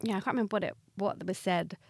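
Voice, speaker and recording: Young woman from southern England, podcast host, giggly, animated, mid-pitched voice, dry close sound. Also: quick pace, slightly rough, no echo. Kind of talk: casual chat.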